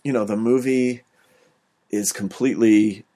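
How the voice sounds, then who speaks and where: A man with a fairly low voice, talking through a movie in a loose, rambling way. He fills his sentences with "like" and "um" as he chats casually with a co-host. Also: unhurried. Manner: relaxed, rambling, frequent fillers and "like". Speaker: podcast co-host. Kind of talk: casual movie review chat.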